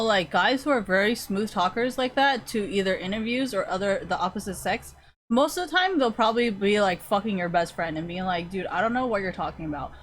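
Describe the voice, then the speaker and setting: A woman's voice: mid-range voice, slight background noise. Rambling, swearing woman streamer. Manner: rambling, profane, frequent fillers. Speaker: streamer chatting with viewers. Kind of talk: casual chat.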